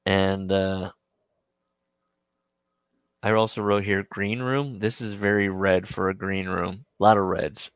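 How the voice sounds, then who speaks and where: Man, rambling movie talk, gravelly fry, close dry mic. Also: sits low, fairly even intonation, slow, long pauses, dry recording. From American Midwest. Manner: rambling, laughs often, quotes lines. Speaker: podcast co-host. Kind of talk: casual movie-review chat.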